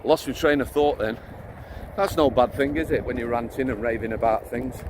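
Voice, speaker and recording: A man's voice: mid-range voice, steady tone, normal speed, background noise. A middle-aged man, a former prison officer giving a blunt, ranting vlog while out walking his dog. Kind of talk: outdoor walking vlog rant.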